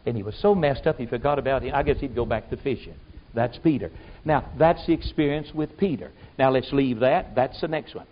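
A man preaching a sermon in a folksy, emphatic way, swinging between loud exclamations and quiet asides. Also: medium pitch, expressive, a little fast. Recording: muffled lo-fi sermon recording.

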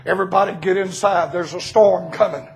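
A man preaching a revival sermon in a church, telling stories and rising into shouts. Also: sits high, fairly even intonation, brisk, gravelly, slight background noise. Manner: storytelling, bursts into shouting.

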